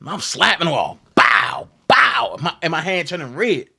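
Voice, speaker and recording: A young man telling a story about his college days, acting out the voices of the people in it with loud jumps. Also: on the high side, lively intonation, fairly quick, creaky, slightly rough. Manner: acts out quotes with big loud jumps in voice. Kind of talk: animated storytelling.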